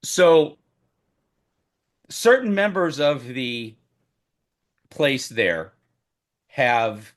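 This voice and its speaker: In a casual podcast chat, a male co-host tells animated tales of covering a trial as media. When excitement hits, his voice becomes loud and booming.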